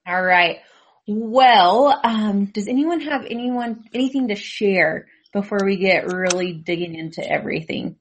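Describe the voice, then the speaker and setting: A woman's voice: mid-range voice, measured pace. A woman hosting a casual podcast chat with her sisters, chatty and teasing. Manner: chatty, teasing, laughs often. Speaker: podcast host.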